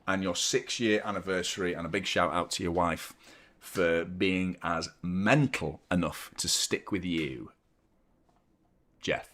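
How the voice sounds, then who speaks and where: A young man hosting a football watchalong stream, chatting casually, rambling and joking while reading out viewer shout-outs. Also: sits low, a little slow. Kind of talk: casual live-stream chat.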